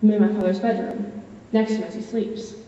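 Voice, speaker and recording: A young woman in her late teens performs a dramatic first-person narration, earnest and intimate, with a mellow, slightly high voice. She is recorded from far off by a camera, so the sound is dull and swims in a long hall echo. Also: steady tone, fairly quick, slight background noise. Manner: earnest, emotional, intimate storytelling. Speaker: competitor.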